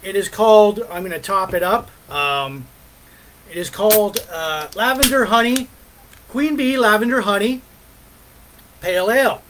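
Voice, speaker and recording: A man with a rather high voice hosts a casual live stream. He rambles from topic to topic, filling the gaps with ums, pauses and "all right, so". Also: a bit bright, slight background noise, poor audio. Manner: rambling, many fillers and pauses. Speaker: podcast host.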